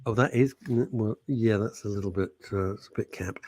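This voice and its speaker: A man's voice: lowish voice, fairly quick, hardly any pauses, a little mellow, slightly rough, no echo. A British man hosting an internet radio show, bantering and teasing, reading out listener comments in a casual chat.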